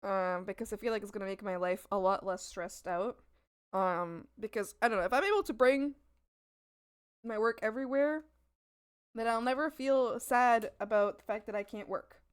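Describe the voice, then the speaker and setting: At home in her apartment, a young woman chats away while drawing on a stream, upbeat and prone to squealing excitedly. She speaks in a smooth, mid-range voice at an ordinary pace.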